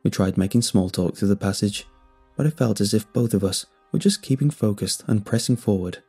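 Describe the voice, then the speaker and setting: A man narrating a first-person horror story in a tense, measured way. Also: lowish voice, warm tone, husky. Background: faint music.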